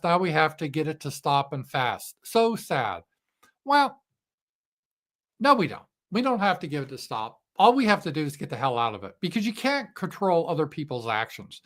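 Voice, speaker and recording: A man's voice: on the high side, a bit bright. Blunt, sarcastic male political livestreamer. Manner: blunt, sarcastic, crude asides. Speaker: show host.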